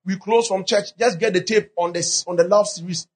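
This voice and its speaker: A man preaching a fervent sermon in short phrases, pausing after each one for an interpreter. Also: high voice, fairly even intonation, breathy edge. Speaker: pastor.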